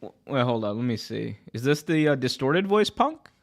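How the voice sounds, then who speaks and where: Excitable, slangy male podcast host. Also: mid-range voice, moderate pace, gravelly. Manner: excitable, jokey, lots of slang and reactions. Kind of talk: casual livestream commentary.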